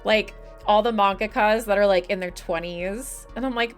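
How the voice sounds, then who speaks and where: A woman's voice: medium pitch, steady tone, moderate pace, hardly any pauses, soft background music. A young woman streamer chatting casually with her live chat, swearing and laughing often, her voice starting to give out. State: losing her voice.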